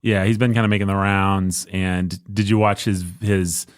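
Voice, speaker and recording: A low-voiced man talks through a relaxed podcast conversation, wandering through his points with jokes and restarts. The sound is close and dry, with no room sound. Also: moderate pace, dry recording. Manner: rambling, self-interrupting, jokey. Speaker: podcast co-host. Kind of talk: casual podcast chat.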